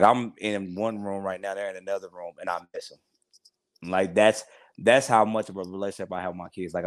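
A man's voice: low voice, no room sound. A man in his forties talking openly in a casual interview, heartfelt and rambling, often restarting his sentences. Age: 40s. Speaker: podcast guest.

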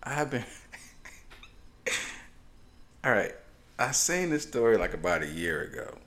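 A man's voice: medium pitch, sing-song, measured pace, a bit bright. A man co-hosting a podcast, telling stories in a casual chat, laughing often and mimicking the voices of people he talks about. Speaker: podcast co-host.

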